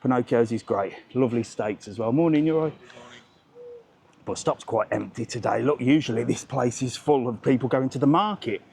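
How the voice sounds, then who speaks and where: A cheerful man strolls down a seaside street with a handheld camera, chatting away to his live viewers. His voice sits in an ordinary middle pitch, and he calls out friendly greetings to people he passes. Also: normal speed, creaky, a little mellow, slight background noise. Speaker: travel vlogger host. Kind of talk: live walking vlog chat.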